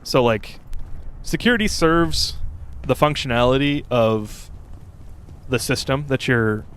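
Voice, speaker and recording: His mid-range voice is smooth and a bit bright, and he takes things slowly. Streaming a game, this young adult man chats loosely with viewers, reading chat out loud and rambling with fillers and false starts.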